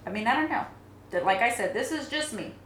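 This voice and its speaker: Animated, high-voiced woman, echoey room. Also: quick pace, a little hiss or hum. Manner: animated, swears freely, gets emotional telling travel stories. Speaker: podcast co-host. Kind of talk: casual chat.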